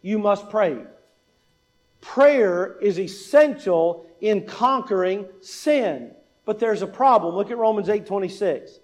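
A man's voice: sits high, lively intonation, slow, darkish tone. A male pastor preaching a sermon in a church, emphatic, asking rhetorical questions and repeating key points.

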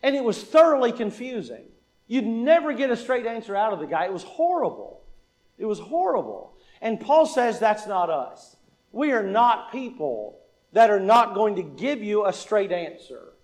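A man's voice: sits high, lively intonation, normal speed, a little mellow. A man preaching a sermon, asking the congregation questions and answering them himself, and repeating lines for emphasis. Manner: acts out quoted dialogue in an anecdote.

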